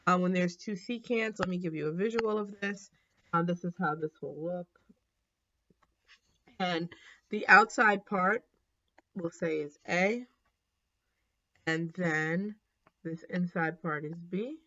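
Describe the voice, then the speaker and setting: A woman teaching a math lesson in a casual, relaxed way, thinking aloud and correcting herself as she works through problems. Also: lowish voice, slow, long pauses, lo-fi sound.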